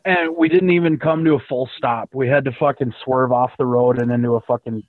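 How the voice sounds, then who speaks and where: A man in casual chat, telling profane, animated stories to his build team. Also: medium pitch, fairly quick. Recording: tinny phone-like sound with faint noise.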